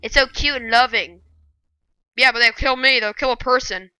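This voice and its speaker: A woman giving live gameplay commentary, excitable and bursting into loud shouting rants. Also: on the high side, moderate pace, clear, resonant tone, no echo. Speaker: gaming video creator.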